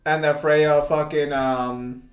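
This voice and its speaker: A man's voice: a little high, flat delivery, slow pace. Man, casual gaming chat, teasing, laughs a lot, roomy echo. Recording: echoey room.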